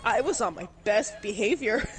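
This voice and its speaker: A woman's voice: mid-range voice, big pitch swings, unhurried, soft background music. A woman with a Canadian accent, a streamer casually telling a story, laughing often and swearing freely.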